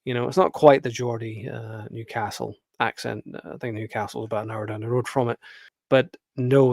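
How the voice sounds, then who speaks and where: A man's voice: mid-range voice, steady tone, normal speed, gravelly, a little mellow, no room sound. A man hosting his own channel, ranting casually to camera in an exasperated, emphatic way, swearing often. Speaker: video commentator.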